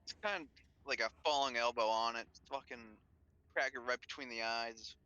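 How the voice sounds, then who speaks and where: Male player, bright tone, dull lo-fi mic, offhand delivery. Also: medium pitch, normal speed, smooth. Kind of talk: casual tabletop game talk.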